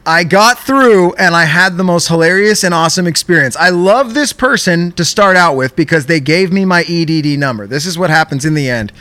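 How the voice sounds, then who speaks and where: A young man tells a story on his podcast with a high, bright voice. He is excitable and animated and swears casually. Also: a little fast, hardly any pauses, no room sound. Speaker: podcast host.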